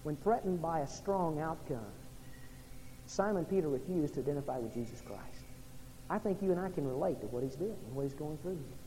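Pastor preaching in a reverberant hall. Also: male voice, expressive, brisk. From Oklahoma or Texas. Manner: dramatic preaching, swinging between loud and hushed. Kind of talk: evening sermon. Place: church sanctuary. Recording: long reverb in a large hall, faint rumble.

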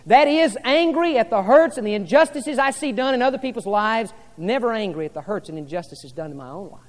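A male pastor preaching a sermon to a congregation, rising loud and dropping soft by turns. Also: sits high, expressive, brisk, long reverb tail. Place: church hall with an audience.

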